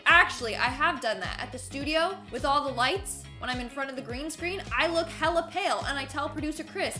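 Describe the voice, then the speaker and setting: A woman hosting a clip reaction video, chatting casually with slang and giggles. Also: sits high. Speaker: host reacting to clips.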